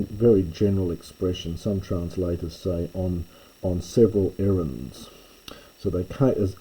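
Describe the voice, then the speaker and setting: A man teaching, working through a Greek text line by line in a methodical way, often pausing to restate and correct himself. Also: deep voice, mellow, husky, low-quality recording.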